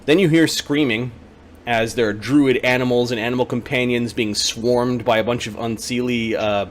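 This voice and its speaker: A man's voice: mid-range voice, fairly even intonation, moderate pace, a little hiss or hum. A man acting as game master, narrating a tabletop game and working through rules, with many fillers.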